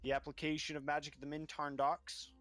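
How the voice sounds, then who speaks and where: A man's voice: fairly high pitch, monotone, fairly quick, fairly bright tone, no echo, soft background music, pitched above the performer's own voice, close to an everyday voice. A man voicing a stern male city magistrate in a tabletop game, formally reading out charges and sentences.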